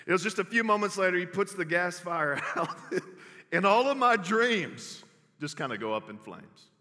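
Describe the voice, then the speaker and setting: A young man preaches a sermon in a folksy, storytelling way. His voice sits fairly high and sounds bright and forceful. The sound rings out with the long reverb of a large hall. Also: lively intonation, normal speed. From Texas. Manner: folksy storytelling, addressing the crowd as y'all. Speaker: pastor.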